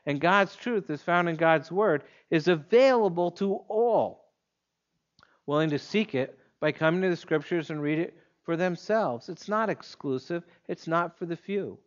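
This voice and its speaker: A man preaching an expository sermon in a measured, emphatic way, leaning on pointed pauses. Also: on the high side, expressive, highs cut off.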